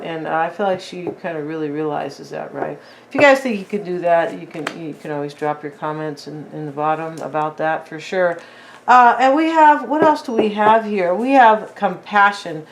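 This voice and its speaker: A woman talks through a tarot reading in a loose, rambling way. Her voice sits at a middle pitch, and she fills her talk with asides and fillers. Faint noise runs underneath. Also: poor audio. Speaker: tarot reader.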